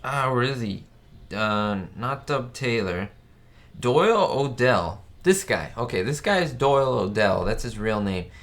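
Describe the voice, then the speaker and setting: A man's voice: mid-range voice, expressive, measured pace, a bit bright. Chatty man hosting a live stream. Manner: chatty and enthusiastic, reading viewer questions aloud. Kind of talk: casual live stream commentary.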